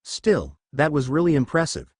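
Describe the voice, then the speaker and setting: A man voicing a flustered young male ninja hero, gentle and reassuring, in a fan fiction audiobook. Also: on the high side, wildly swooping pitch, moderate pace, husky, dry recording, studio quality, full character voice.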